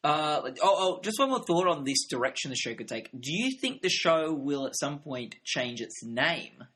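A young man co-hosts a casual podcast about television. His voice is bright and forward, and he thinks out loud, tossing in plenty of "like" and "you know" as he goes. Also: fairly high pitch, very animated, normal speed. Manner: chatty, thinks aloud with fillers. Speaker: podcast co-host. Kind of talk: casual TV review chat.

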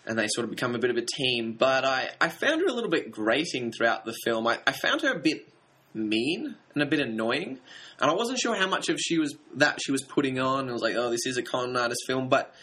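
A man's voice: mid-range voice, very animated, fairly quick, bright, forceful tone, poor audio. A man co-hosting a film podcast, giving his opinions in a hesitant, thoughtful way with frequent fillers. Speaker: podcast co-host. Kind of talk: casual film review chat.

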